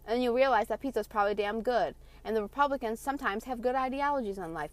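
A woman's voice: fairly high pitch, fast talker, no room sound. Passionate, profane woman ranting. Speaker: podcast host. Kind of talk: ranting monologue.

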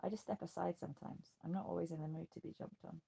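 A calm, blunt woman in an audiobook, read by a narrator. Her voice is husky and dark. She speaks plainly and protectively. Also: on the low side, quick pace, exaggerated voice. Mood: wry. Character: steady, blunt woman, protective mother figure.

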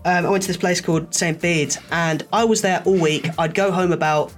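A man telling stories in a casual chat, lively and acting out the people he quotes. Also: fairly high pitch, a little fast, faint music behind. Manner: animated storyteller, acts out quoted voices.

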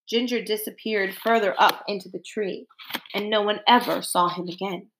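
A woman narrating a storybook aloud in an expressive, dramatic way. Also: mid-range voice, moderate pace, slight background noise, rough recording.

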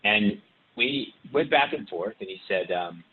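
A man's voice: fairly low pitch, lively intonation, a little slow, phone-quality sound. A man from the car industry, chatting on a podcast and rambling with many restarts. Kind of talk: casual podcast chat.

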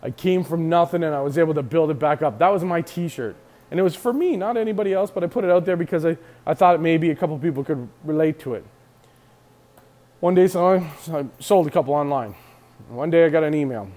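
A man's voice: a little high, a little fast, a little mellow. A man from Canada, a clothing brand owner, giving an emotional motivational monologue to camera, fired up and emphatic, repeating himself with frequent restarts.

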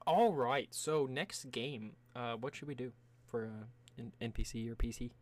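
A man's voice: mid-range voice, moderate pace. A man in casual chat, brainstorming game characters, laughing often and swearing freely. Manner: animated, laughing, profane.

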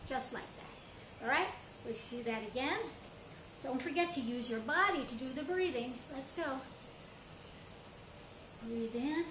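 Brief: high-pitched, upbeat woman leading an online movement class, echoey room, faint background noise. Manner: upbeat, playful, coaching with counts and shouts. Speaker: karate and movement instructor. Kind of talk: live online exercise class.

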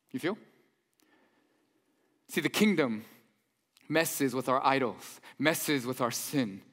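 A man preaching a sermon in a church, conversational and animated, with mock-incredulous asides. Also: mid-range voice. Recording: long hall reverb.

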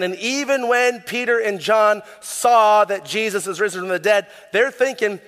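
A young man preaching a sermon as pastor, casual and animated, telling stories with lots of fillers. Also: high voice, moderate pace, few pauses. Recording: long hall reverb.

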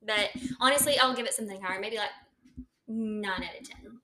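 A woman's voice: medium pitch, fairly quick, background noise. A woman co-hosting a casual book podcast, chatting and chiming in with her takes and ratings. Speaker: podcast co-host. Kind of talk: casual book-club chat.

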